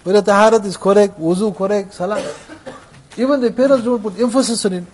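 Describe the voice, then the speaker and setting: A man's voice: high voice, fast, a little mellow. A man preaching a sermon to his brothers, repeating phrases for emphasis.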